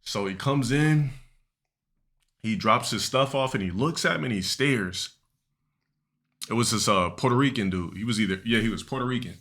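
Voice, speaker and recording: A man's voice: mid-range voice, animated, normal speed, long pauses, a bit bright. A young man streaming live, telling a long, rambling, profane story to his chat with many restarts and fillers.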